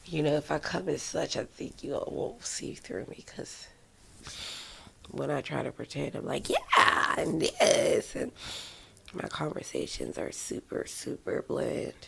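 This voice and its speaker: Still teary after crying, this podcast host rambles through a raw, emotional, self-mocking personal monologue. Her low, creaky voice is darkish, expressive, and unhurried, with a slight hiss or hum in the audio.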